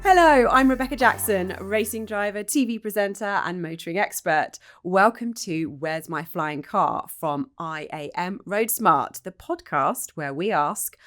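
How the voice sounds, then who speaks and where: Woman hosting a motoring podcast. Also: mid-range voice. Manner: lively, scene-setting storyteller who laughs easily. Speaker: podcast host, racing driver and motoring presenter. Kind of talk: podcast interview.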